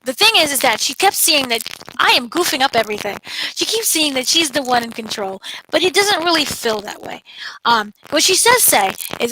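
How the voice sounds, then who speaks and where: A woman co-hosting a casual spoiler recap, retelling scenes in an animated way with playful voices. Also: sits high, normal speed, a little hiss or hum, low-quality recording. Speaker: entertainment editor, co-host.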